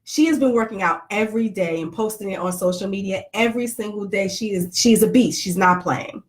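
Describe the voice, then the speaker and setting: A woman's voice: medium pitch, fairly quick. A middle-aged woman vlogger chatting casually to live viewers, joking and greeting them by name.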